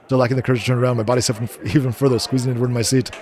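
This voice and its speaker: A man's voice: medium pitch, level tone, rapid-fire, a little mellow. A man reading a visual novel's first-person narration aloud while playing, with casual asides in between. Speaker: let's-play streamer.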